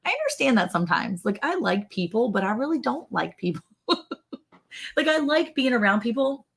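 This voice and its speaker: A woman's voice: fairly high pitch, sing-song, normal speed, gravelly, a bit bright, breathy edge. A woman co-hosting a ranch livestream, chatting casually, laughing often and yawning. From Texas. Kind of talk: casual live-stream chat.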